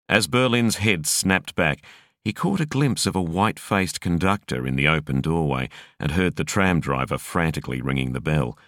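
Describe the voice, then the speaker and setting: Male audiobook reader, extremely low voice, dry close sound, measured and expressive narration. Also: dry recording.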